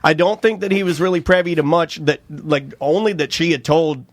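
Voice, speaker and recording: A man's voice: a little high, a little fast, no room sound. A man co-hosting a podcast, telling a story with lots of acted-out quotes and sound effects. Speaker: podcast co-host. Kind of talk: casual storytelling chat.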